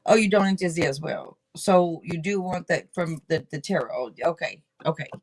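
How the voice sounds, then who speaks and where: Excitable woman hosting a tarot stream. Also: lowish voice, normal speed, poor audio. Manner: excitable, swears casually, rambling restarts. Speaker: tarot reader and live stream host. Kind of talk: casual live-stream chat.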